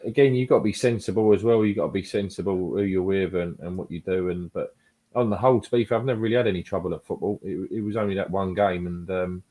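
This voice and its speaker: A man with a very deep voice chats as a guest on a casual fan podcast. His talk is easygoing and rambling. He leans on filler phrases as he goes. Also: steady tone, quick pace, mellow. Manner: easygoing, rambling, peppered with "to be fair" and "you know". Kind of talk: casual chat.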